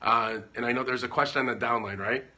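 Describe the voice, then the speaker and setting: A man's voice: mid-range voice, fairly even intonation, fast, bright, forceful tone. A man chatting casually at home on a livestream, giving business advice in a rambling, joking way. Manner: rambling, self-interrupting, joking.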